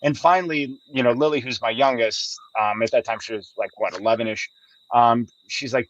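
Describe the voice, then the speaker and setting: A man's voice: medium pitch, brisk, muffled recording. A man in his forties hosting a livestream, chatting casually and telling a story with frequent laughs. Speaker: livestream host. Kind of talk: casual chat.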